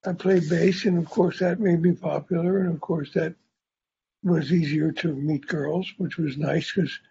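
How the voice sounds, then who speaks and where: A man's voice: a little high, fairly even intonation, measured pace, gravelly, dark tone, lo-fi sound, a little hiss or hum. An older man with a sore tongue sharing his story at a recovery meeting in a candid, rambling, self-deprecating way. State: sore tongue, speaking carefully. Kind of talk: personal recovery share.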